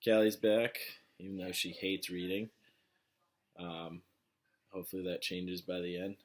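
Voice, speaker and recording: Low-voiced man reading a novel aloud. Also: little pitch movement, unhurried. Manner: plain, with slips and restarts. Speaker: reader of a novel. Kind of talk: casual read-aloud.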